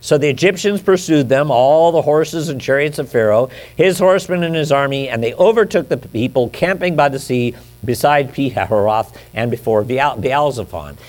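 A male pastor teaching a sermon in an easygoing, chatty manner. He drops in offhand asides and then leans into scripture passages, stretching them out with emphasis. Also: mid-range voice. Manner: conversational Bible teaching with lively asides; builds to emphatic, drawn-out scripture reading.

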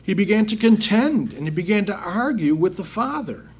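A man's voice: high voice, big pitch swings, normal speed, breathy edge. A man teaching a Bible passage, reading verses aloud and then explaining them in plain words with emphatic rhetorical questions. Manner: reads scripture then paraphrases it plainly. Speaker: preacher.

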